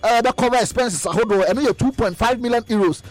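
Very high-voiced excitable male presenter. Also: fast talker. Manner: excitable, repeats phrases in chanting bursts, mixes in English words. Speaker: sports news presenter. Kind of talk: animated football news roundup.

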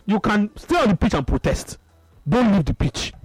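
A male radio host runs a football phone-in, his voice bouncing through a very lively, slightly high register. He leans on repetition to drive his points home. The studio sound is dry and close. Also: moderate pace, husky, no echo, soft background music, rough recording. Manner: animated, repeats phrases for emphasis. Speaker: radio sports show host. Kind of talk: sports phone-in radio talk.

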